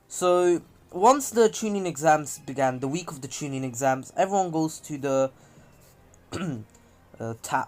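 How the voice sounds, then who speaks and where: Young guy rambling thru a fan story, keeps correcting himself, clears his throat a lot, mid voice. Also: mid-range voice. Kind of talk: casual fan-fiction storytelling.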